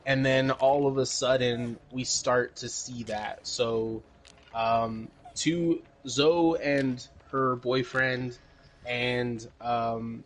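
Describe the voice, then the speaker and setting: Speaking very slowly in a level, medium-pitched voice, a man co-hosts a podcast, casually recapping a movie in a rambling way full of fillers, swearing and laughter. Slight background noise can be heard.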